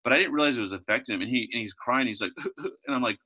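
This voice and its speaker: A man in his thirties with a bright, forceful tone, chatting casually as a co-host. He tells stories with energy, voicing the people he quotes. Recorded close and clean. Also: medium pitch, quick pace. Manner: animated storyteller, acts out quoted lines. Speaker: podcast co-host. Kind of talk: casual chat.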